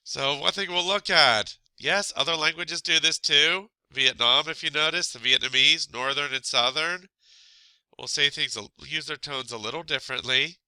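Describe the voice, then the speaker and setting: A man with a stuffy nose talks through a casual recorded lesson, wandering into chatty asides. His voice is very bright and smooth, set a little high for a man. The sound is dry and close. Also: moderate pace, no echo, rough recording. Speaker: teacher.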